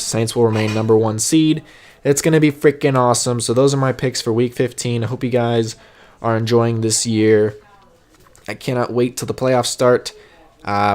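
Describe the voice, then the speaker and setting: A young man casually talking through his sports picks on his own channel, rambling, correcting himself and jumping into excited high-pitched outbursts. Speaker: sports vlogger making game predictions. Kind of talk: casual solo prediction video.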